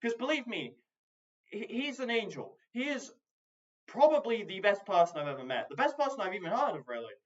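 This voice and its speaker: A man muses gloomily into his own video diary, stopping and restarting as he hunts for words. His voice sits a touch high. The audio is dull and lo-fi. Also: sing-song. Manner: hesitant, halting, many restarts; glum, brooding. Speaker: video diarist. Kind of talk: personal video diary monologue.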